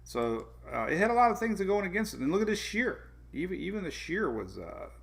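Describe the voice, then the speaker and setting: A man's voice: high-pitched, very animated, fairly quick, gravelly. A man hosting a casual weather livestream, rambling and correcting himself, chuckling and reading out viewer comments. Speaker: weather show host.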